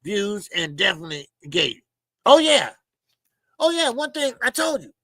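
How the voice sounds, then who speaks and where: A man hosting a boxing talk show, ranting in loud, emphatic, mocking casual commentary with plenty of swearing. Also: sits high, sing-song, normal speed, no room sound.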